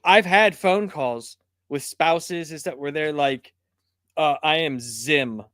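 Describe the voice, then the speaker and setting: A man's voice: a little high, slow pace, fairly bright tone, clear, resonant tone, dry recording, clean studio sound. A man co-hosting a podcast in casual chat, blunt and exasperated, often stammering over his words. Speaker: podcast co-host.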